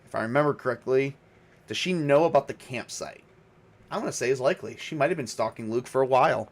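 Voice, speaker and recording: A man running a solo tabletop horror game, rolling questions and narrating the results. He talks casually and thinks aloud, with frequent pauses and fillers. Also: mid-range voice. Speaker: game master and solo player.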